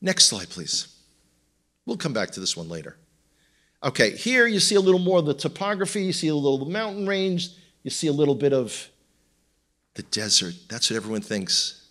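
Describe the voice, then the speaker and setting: Speaking at normal speed with long pauses, the man's voice sits on the high side, sing-song and a touch bright, with an Israeli accent. He is a tour guide and guest speaker delivering a funny slide-illustrated lesson to a church audience, peppered with wry humor and audience asides.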